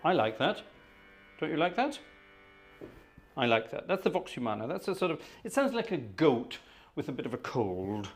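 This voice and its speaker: Male livestream host, jokey and chatty, lively pitch, home room mic. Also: normal speed, long pauses, faint music behind. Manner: chatty, jokey, animated, thanks viewers by name. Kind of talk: casual livestream chat. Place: upstairs home room with organ. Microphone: room microphone.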